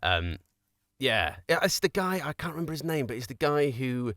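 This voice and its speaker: A man's voice: mid-range voice, sing-song, normal speed, a bit bright, no room sound, clean studio sound. A man co-hosting a podcast, telling a rambling story in casual chat and laughing often. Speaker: podcast co-host.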